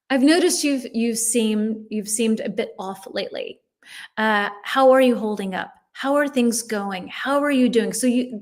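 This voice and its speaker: A middle-aged woman teaching a live English lesson, chatty, reading viewers' comments aloud and reacting to them. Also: on the high side. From United States.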